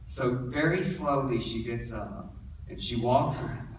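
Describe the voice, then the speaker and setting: A man, a writer-director chatting and telling animated anecdotes at a screening Q&A. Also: medium pitch, moderate pace. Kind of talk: casual Q&A storytelling. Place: theater after a screening. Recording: echoey hall from far off with noise.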